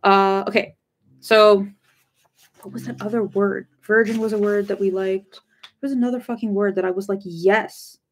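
A woman talks through a book on a casual livestream, rambling and chatty. Her pitch sits in a middling range, and she peppers her talk with filler words and offhand swearing. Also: steady tone, normal speed. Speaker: host of a book discussion channel.

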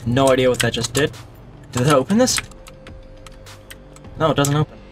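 A man talking through his gameplay in a casual let's-play, chatting to himself as he goes. His voice sits at a middling pitch, with faint game music underneath. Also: expressive, moderate pace. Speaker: gaming channel host.

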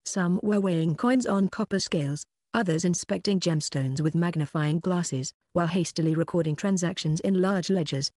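An audiobook narrator giving a steady, scripted reading of a fantasy novel. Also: medium pitch, moderate pace, hardly any pauses.

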